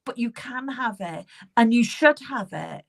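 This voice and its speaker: A British woman gives live psychic card readings, her voice sitting a little high. She talks steadily and reassuringly, circling back to the same phrases and the client's name as she draws cards. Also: expressive, a little slow, creaky. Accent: British English. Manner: warm, reassuring, repeats names and phrases while drawing cards.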